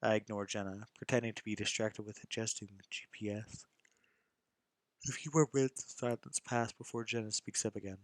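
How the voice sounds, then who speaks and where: A man's voice: on the low side, steady tone, a little fast, no echo. A young man narrating a visual novel in first person, reading casually and often stumbling and restarting lines.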